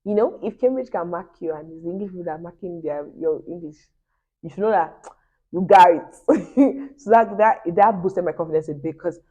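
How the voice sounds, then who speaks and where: A young woman tells a personal story straight to her viewers. Her voice sits low and mellow, and she keeps turning to the audience with chatty asides. The recording is dull and lo-fi. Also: fairly quick. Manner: chatty and animated, addresses viewers as guys, laughing asides. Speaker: vlogger.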